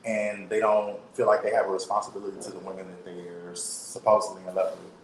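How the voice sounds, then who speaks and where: Man, guest, candid, measured, lowish voice, roomy echo. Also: completely flat delivery. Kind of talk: casual chat. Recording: roomy with faint noise.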